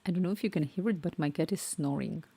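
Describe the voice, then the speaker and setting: Woman, casual home livestream, gravelly low voice, murmurs to herself. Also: quick pace, mellow. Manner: thinks aloud, murmurs and whispers to herself while working. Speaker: live-streaming developer. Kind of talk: casual livestream chat while coding.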